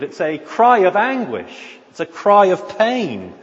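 A man preaching an expository sermon, slow and earnest, often repeating words as he searches for the next phrase. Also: high-pitched, huge pitch swings. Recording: dull audio with long hall reverb.

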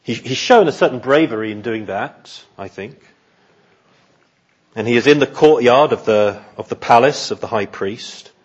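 A man preaching an expository sermon in an earnest, measured way, often repeating words as he thinks. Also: mid-range voice, husky, dull audio.

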